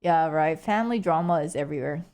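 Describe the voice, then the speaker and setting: A woman's voice: sits low, fast talker, a little mellow. A young woman streamer in casual chat, talking loosely with many fillers and frequent laughter. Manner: chatty, giggly, full of "like" fillers. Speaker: livestreamer.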